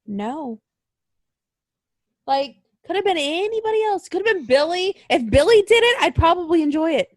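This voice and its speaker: A woman's voice: high voice, sing-song, normal speed, dry recording, studio quality. A young woman co-hosting a wrestling podcast, ranting and swearing in exasperated casual chat. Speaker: podcast co-host.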